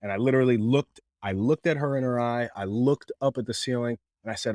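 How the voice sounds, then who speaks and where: A man's voice: medium pitch, a little fast, hardly any pauses, darkish tone, dry recording, clean studio sound. A man telling an emotional personal story as a podcast guest, earnest, with many fillers and restarts. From Canada. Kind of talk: candid storytelling.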